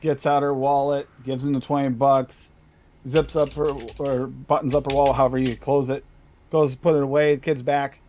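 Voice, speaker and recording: A man's voice: medium pitch, level tone, moderate pace, a little mellow. A man in casual group chat, spinning stories and trailing off mid-sentence.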